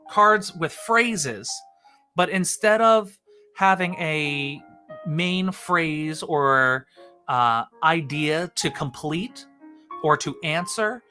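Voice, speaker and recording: A man with a bright, somewhat high voice hosts a light comedy stream. He rambles casually to camera and pokes fun at himself. Faint music plays underneath. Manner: rambling, self-mocking, quick to laugh.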